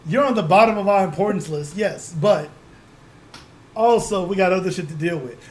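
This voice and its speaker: A high-voiced man from Chicago runs a tabletop game in an animated, emphatic way. He drops casual profanity and explains his points with vivid examples. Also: normal speed. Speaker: game master. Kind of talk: tabletop game narration and banter.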